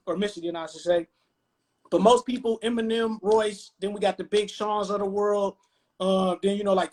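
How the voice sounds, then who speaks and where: A man's voice: high voice, a little mellow. Laid-back man hosting hip-hop talk. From Detroit, USA. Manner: laid-back, explanatory, frequent "you know what I'm saying". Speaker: podcast host.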